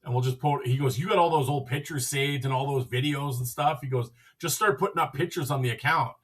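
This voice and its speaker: Man, podcast host, husky voice, casual rambling storytelling, acts out dialogue, a bit far from the mic. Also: medium pitch, a little fast, fairly bright tone.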